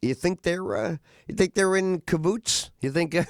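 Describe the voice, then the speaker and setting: A man's voice: high voice, moderate pace, dry recording, clean studio sound. A middle-aged man hosting a radio talk show, rambling through a casual monologue and now and then acting out other people's voices.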